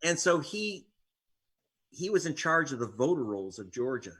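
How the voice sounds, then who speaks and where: In an interview conversation, a male investigative reporter and author speaks at normal speed with a mid-range, sing-song, slightly bright voice that has a breathy edge. His storytelling is wry and laced with sarcasm.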